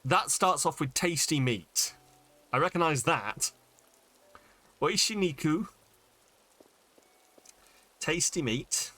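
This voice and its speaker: A man's voice: fairly high pitch, expressive, measured pace, sharp tone. A man streaming a game, chatting casually and thinking aloud as he sounds out Japanese words, with many fillers. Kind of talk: casual live-stream chat while reading Japanese.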